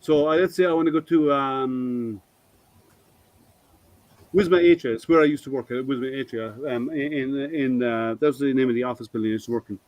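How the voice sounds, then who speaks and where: A man's voice: mid-range voice, brisk, a little mellow, no room sound, low-quality recording. A man hosting a casual maker hangout, rambling with lots of ums and restarts. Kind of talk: casual chat.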